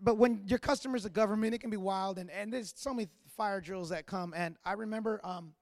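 A male pastor preaching a sermon with passion, building to loud emphatic peaks and often stammering through repeated words. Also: sits high, a little fast, no room sound.

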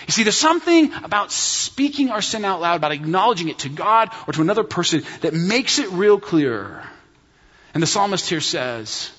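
Male pastor, sermon delivery, emphatic, bright and slightly husky tone, reverberant church hall. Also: sits high, sing-song, moderate pace, highs cut off. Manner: emphatic, rhetorical questions.

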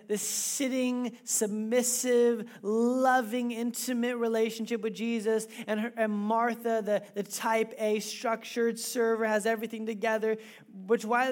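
A woman preaching a sermon in a casual, animated storytelling way with asides. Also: on the high side.

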